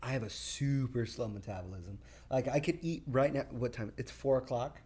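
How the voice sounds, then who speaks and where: A woman's voice: very deep voice, normal speed, mellow, slightly rough. A young woman co-hosting a casual podcast, joking about herself and laughing often. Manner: jokey, self-mocking, laughs often. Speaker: podcast co-host. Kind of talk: casual chat.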